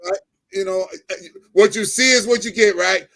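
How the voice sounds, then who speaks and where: A middle-aged man from New Jersey sharing an emotional personal testimony as an interview guest, animated, often laughing and raising his voice when excited. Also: high-pitched, moderate pace, creaky.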